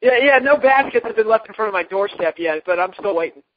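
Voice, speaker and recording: A man's voice: sits high, lively intonation, fast, a little hiss or hum. A man co-hosting a casual wrestling talk show, wisecracking and laughing often. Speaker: podcast co-host. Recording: dull lo-fi dry sound.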